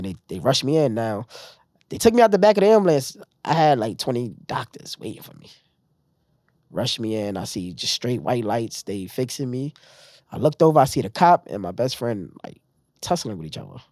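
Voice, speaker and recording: A man tells his story in a relaxed interview and acts out the voices of the people around him. The sound is close and dry. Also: medium pitch, brisk, no echo. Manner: animated retelling, acting out others' lines. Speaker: podcast guest. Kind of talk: casual storytelling.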